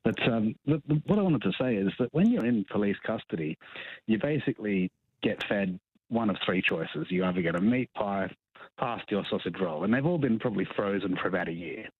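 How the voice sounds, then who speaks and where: Australian male caller, husky and very deep, rambling, on a tinny phone line. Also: lively intonation, a little fast, dry recording. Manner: rambling, hesitant, many ums and restarts. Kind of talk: phone-in talkback call. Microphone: telephone.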